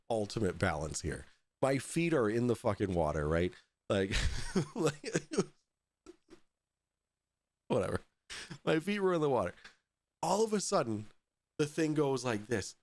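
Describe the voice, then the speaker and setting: A man hosting a podcast, telling a story in a casual, profane way, often laughing through it. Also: mid-range voice. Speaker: podcast host.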